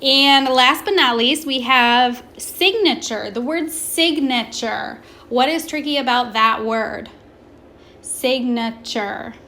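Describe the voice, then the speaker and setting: Brief: woman teacher, bright and fairly high voice, slow and deliberate, stretches words out as she models them. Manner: asks questions and pauses for students. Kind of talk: recorded remote classroom lesson.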